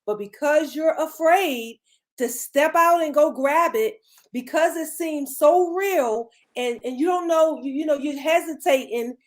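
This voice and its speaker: A middle-aged woman gives a motivational talk as a podcast co-host. Her voice sits high, and she drives her points home by repeating phrases. She sounds emphatic and a little preachy. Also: a little slow.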